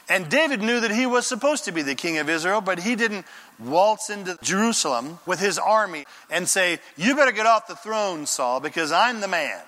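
High, bright-voiced male pastor preaching. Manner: lively, conversational, asks the crowd questions. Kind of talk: sermon.

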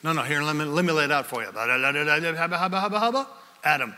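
A man voicing a slow, stubborn, one-track-minded man who fumbles his words. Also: fairly high pitch, pushed and bright, voice pushed down. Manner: dull, plodding, fumbling. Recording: long hall reverb.

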